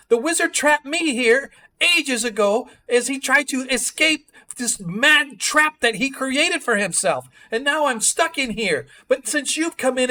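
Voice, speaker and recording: A man's voice: very high-pitched, pushed and bright, heavily acted. A man voicing a trapped woman who claims to be Fey and pleads desperately to be freed.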